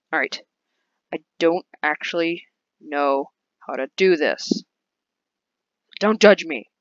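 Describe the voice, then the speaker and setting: A playful gaming host rambles through casual commentary and drifts into silly sing-song repeats. The voice sits at a middling pitch. The recording is dull and lo-fi, with a dry, close sound. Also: fairly bright tone, no room sound.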